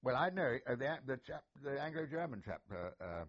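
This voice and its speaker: A man's voice: mid-range voice, very animated, fairly quick, fairly bright tone. An older man, a retired army officer reminiscing in an oral history interview, chatty and genial with many filler sounds. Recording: dull lo-fi recording.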